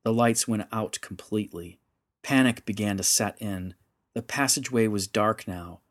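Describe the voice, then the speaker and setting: Low-voiced male audiobook narrator.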